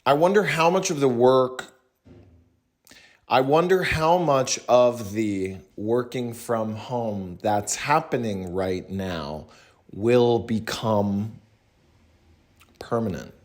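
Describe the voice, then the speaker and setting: A young man from the American South, chatting casually to viewers in a slow, rambling way with many pauses and restarts, in a put-on voice. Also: medium pitch. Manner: talking in a put-on different voice today. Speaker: vlogger talking to viewers. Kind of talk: casual rambling livestream chat.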